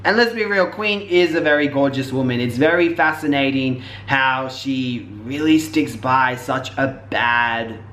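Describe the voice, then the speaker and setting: A man's voice: medium pitch, measured pace, hardly any pauses, a bit bright. A man hosting a YouTube drama commentary channel, talking in an upbeat, gossipy host manner. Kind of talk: commentary vlog.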